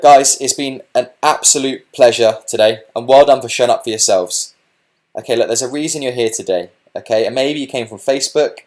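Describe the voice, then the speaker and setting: A man giving a webinar sales pitch as a business coach, pushing viewers to take action and often saying "okay" and "look". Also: a little mellow. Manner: pushy, repeats "okay" and "look".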